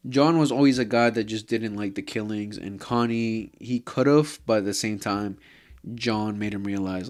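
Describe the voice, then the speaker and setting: A man's voice: fairly low pitch, moderate pace. Heated, profane man ranting casually. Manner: profane and heated, says "bro" constantly; rambling with many fillers and restarts. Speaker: vlogger. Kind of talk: casual anime rant.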